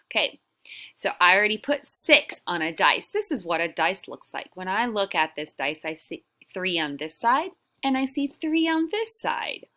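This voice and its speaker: A young adult woman teaching an online lesson to small children, speaking in a drawn-out, encouraging sing-song that often drops to a whisper. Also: medium pitch, sing-song, fairly bright tone. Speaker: preschool teacher.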